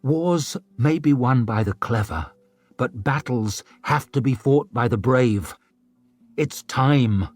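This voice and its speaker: A man's voice: medium pitch, slow, no echo. A man voicing a brash, eager young male lord who speaks with earnest urgency. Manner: earnest, excited.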